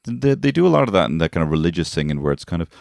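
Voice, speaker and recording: A low-voiced Irish man in his thirties, rambling through a comic monologue while stoned. His pitch leaps around expressively, and he swears and laughs at his own jokes. The sound is dry and close. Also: very animated, racing, creaky, a little mellow, no echo. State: high on weed. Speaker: comedian podcast host. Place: garden shed.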